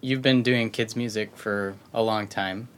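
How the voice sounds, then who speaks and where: A man hosting an interview who asks curious, relaxed questions and laughs along with his guest. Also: on the low side, unhurried, a little hiss or hum. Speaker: podcast host.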